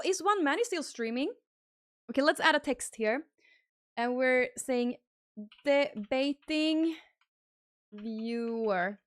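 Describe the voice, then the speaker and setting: Bubbly high-voiced woman streamer. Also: gravelly, dry recording, clean studio sound. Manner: bubbly, squeals excited thanks to donors. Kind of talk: casual live-stream chat.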